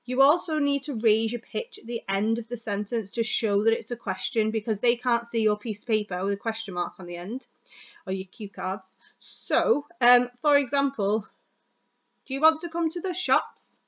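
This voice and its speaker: A woman teacher giving a chatty, fast, expressive lesson on delivering speeches. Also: a little high, muffled recording. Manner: chatty, fast and expressive, stressing words for effect.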